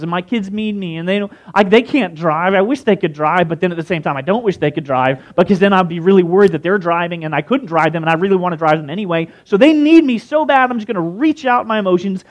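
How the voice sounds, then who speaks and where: High-voiced man preaching. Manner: conversational, asks the crowd questions. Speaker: pastor. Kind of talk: sermon.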